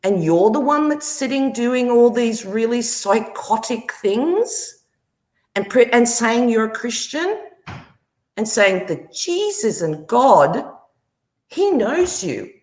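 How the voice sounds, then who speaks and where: A woman hosts a livestream and delivers a furious, confrontational rant full of swearing. She speaks slowly and deliberately, and her pitch swings widely as her anger builds. The room around her sounds echoey. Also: very animated, a little mellow. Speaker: livestream host.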